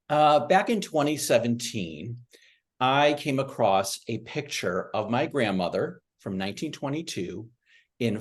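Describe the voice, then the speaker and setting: A middle-aged man from Michigan, an author giving a book talk over a video call, telling a story in a conversational way with many "uh" fillers. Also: fairly low pitch. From Michigan, USA.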